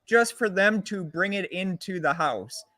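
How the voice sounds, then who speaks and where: A man's voice: high voice, expressive, a little slow, bright, forceful tone, dry recording. A man in a casual chat who rants and swears heavily. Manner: heavy swearing, ranting.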